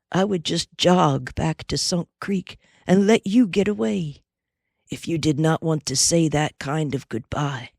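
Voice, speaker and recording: A woman voicing a grave, gentle young cowpuncher who talks in plain folksy Western speech, slow and earnest. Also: rumbling low, gravelly, breathy edge, no echo, studio quality, full character voice.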